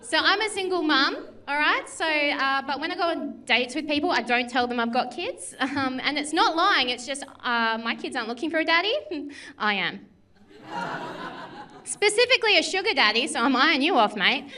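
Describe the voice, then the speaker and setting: A woman's voice: high voice, expressive, normal speed, pushed and bright. A woman stand-up comedian, brash and bawdy, talking confidently to a club crowd. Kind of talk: stand-up set and interview.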